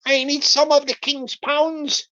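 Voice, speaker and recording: A woman's voice: sits high, little pitch movement, very slow, bright, forceful tone, exaggerated voice. A woman voicing a wheedling male scammer from Bristol who repeats himself and cajoles, breaking into laughs between lines. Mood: pushy. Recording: lo-fi dull stream audio.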